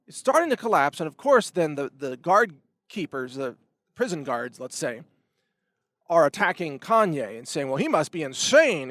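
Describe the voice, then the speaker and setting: A man ranting through a commentary monologue, his voice sitting a bit high. He swings hard between loud punches and low asides, stumbling and repeating words as he pushes on. The sound is dry and close. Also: no echo. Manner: impassioned, ranting, with sharp emphatic swings. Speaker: commentary show host.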